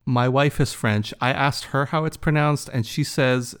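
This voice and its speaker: A man's voice: medium pitch, a little slow, smooth. A man hosting a casual interview, asking curious, easygoing questions. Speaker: podcast host.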